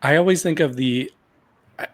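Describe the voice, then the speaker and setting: Husky-voiced man, laid-back co-host. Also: fairly high pitch, normal speed. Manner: relaxed storyteller, laughs easily. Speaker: podcast co-host. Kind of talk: casual recap chat.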